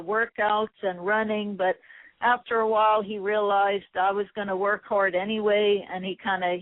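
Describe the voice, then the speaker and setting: A woman's voice: mid-range voice, no echo. Irish woman on a tinny phone line. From Ireland. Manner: soft-spoken, hesitant with many fillers. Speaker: guest, former boxer. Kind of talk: phone interview.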